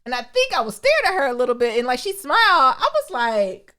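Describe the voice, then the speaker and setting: A woman co-hosting a podcast, chatting casually in slang. Her pitch swings widely as she acts out the people in her stories. She is from Detroit. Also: fairly quick, hardly any pauses. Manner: animated storytelling, slangy, acts out quotes. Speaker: podcast co-host. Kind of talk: casual chat.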